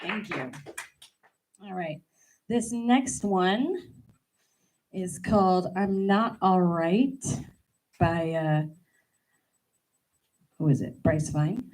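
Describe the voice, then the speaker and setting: A woman's voice: lowish voice, lively intonation, extremely slow, pauses often, a little mellow, rough recording. A woman singer-pianist and piano teacher chatting casually between songs at a live performance, self-deprecating and laughing at herself, speaking into a stage microphone. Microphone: stage microphone while at the piano.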